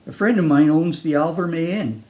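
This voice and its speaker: A man's voice: a little high, normal speed, darkish tone, pitched above the performer's own voice, natural voice. A man voicing a tall, friendly Australian drifter who talks easily to a stranger in a breezy, chummy way.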